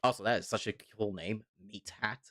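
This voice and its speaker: A man's voice: fairly low pitch, fairly quick, fairly bright tone, dry recording, studio quality. A man streaming live, chatting casually and reading viewer comments, rambling and repeating himself with mock indignation. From Canada.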